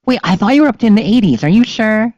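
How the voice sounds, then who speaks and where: A rambling, chatty podcast co-host with a mellow, darker tone, full of ums and little laughs. Dry, slightly dull recording from a home streaming setup. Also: medium pitch, expressive, fast, no room sound. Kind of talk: casual podcast chat.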